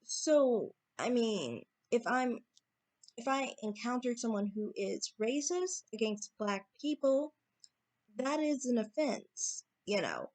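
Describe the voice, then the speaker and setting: Assertive woman with a slightly high voice. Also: animated, takes it slowly, a little mellow. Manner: assertive, repeats points for emphasis. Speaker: YouTube commentator. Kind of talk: opinion monologue to camera.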